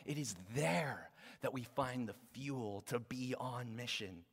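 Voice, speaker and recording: A man in his thirties, a guest pastor preaching a sermon in a casual, conversational way that swings between loud emphasis and hushed, near-whispered moments. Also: mid-range voice, slow pace, husky. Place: church hall. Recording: long reverb of a large hall.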